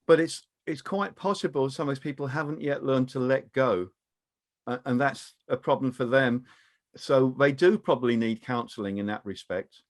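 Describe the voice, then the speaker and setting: A man with a British accent presenting a training webinar over a video call, giving advice in a calm, measured way. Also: medium pitch.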